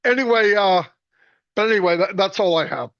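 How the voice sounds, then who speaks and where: A man with a high voice tells loose, joking stories about his friends, stumbling and restarting as he goes. The sound is dry and a little dull, like a low-grade recording. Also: a bit bright, clean tone, no echo. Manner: rambling, joking, quick restarts. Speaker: speaker at a celebration. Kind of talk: casual storytelling tribute.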